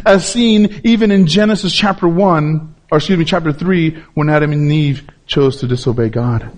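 Male preacher, high-pitched voice, emphatic sermon delivery with repetition for stress. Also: darkish tone. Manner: emphatic, repeats words for stress, drops low and slow on key points.

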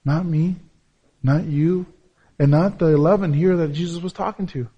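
Man, pastor, sermon, fairly high pitch, emphatic repetition, loud peaks and quiet drops. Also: fairly even intonation, moderate pace, breathy edge, lo-fi sound. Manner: rises to loud emphatic peaks, then drops low and soft; repeats key phrases for emphasis.

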